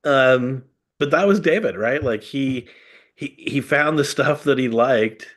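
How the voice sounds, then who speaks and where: A man's voice: mid-range voice, a little slow. A middle-aged man, a guest in casual chat, rambling fondly through memories and chuckling often.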